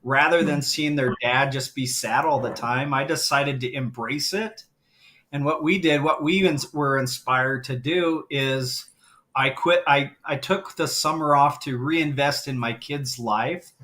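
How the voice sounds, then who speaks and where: A man's voice: mid-range voice, a little slow, sharp tone. Emotional middle-aged man telling his story. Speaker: guest, grief coach. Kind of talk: live stream conversation.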